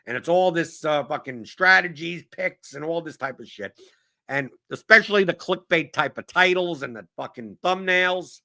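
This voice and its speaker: A man's voice: fairly high pitch, lively intonation, normal speed, sharp tone. A man hosting a casual Q&A show, riffing bluntly and profanely in an exasperated monologue. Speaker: podcast host answering viewer questions.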